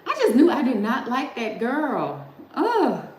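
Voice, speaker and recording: With big swings in her fairly high voice and an unhurried pace, a middle-aged livestream host chats casually with her live viewers. She talks straight to the chat and laughs a lot, and the room sounds spacious with faint background noise.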